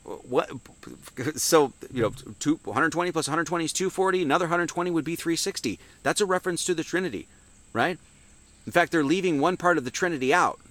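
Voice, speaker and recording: A man's voice: a little high, fairly quick, a bit bright. A man giving an informal Sunday Bible teaching, asking and answering his own questions and reading verses aloud with lifted emphasis. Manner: conversational, asks and answers his own questions, reads scripture with rising emphasis.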